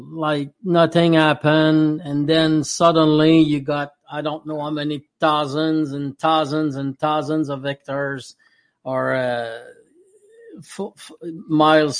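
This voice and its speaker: A man's voice: on the high side, flat delivery, takes it slowly. A middle-aged man from Canada with a French Canadian accent, a guest talking earnestly in a casual discussion. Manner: earnest, repeats himself for emphasis.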